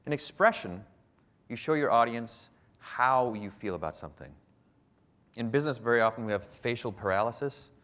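A man's voice: medium pitch, expressive, normal speed, fairly bright tone. A man leading a public speaking workshop for a live group, talking emphatically and shifting his pace to stress points.

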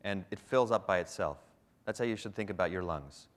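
A man with a slightly low voice leads a public speaking workshop in front of a live audience. He talks in an animated coaching manner and breaks off now and then to demonstrate. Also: fairly quick. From Canada.

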